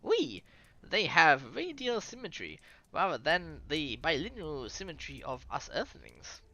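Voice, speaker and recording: A streamer voicing a scholarly lecturer from a visual novel in a slow, measured way. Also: medium pitch, sing-song, gravelly, pushed and bright, heavily acted, poor audio. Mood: lecturing. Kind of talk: reading a visual novel aloud.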